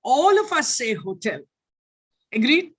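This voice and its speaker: An older woman with an Indian English accent, giving an online lecture and answering questions in an animated, teacherly way that keeps checking in with her listeners. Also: on the high side, normal speed, breathy edge. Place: online video meeting. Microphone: video call.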